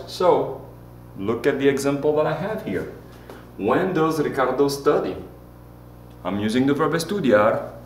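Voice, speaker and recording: A man teaching a lesson, playful and joking, leading repeat-after-me drills. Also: lowish voice. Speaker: Spanish teacher. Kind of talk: classroom lesson. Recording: roomy echo with faint hum.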